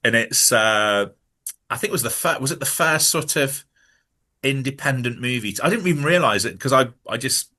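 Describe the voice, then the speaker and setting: A man's voice: medium pitch, animated, sharp tone. A man co-hosting a casual film podcast, rambling and restarting his sentences often. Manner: rambling, halting with many restarts. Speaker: podcast co-host.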